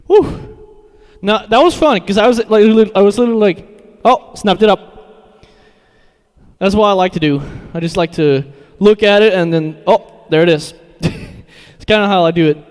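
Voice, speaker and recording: High-voiced man rambling casually on stream. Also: normal speed, clean tone, big-room sound. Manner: rambling, profane, laughs often. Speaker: metal music streamer.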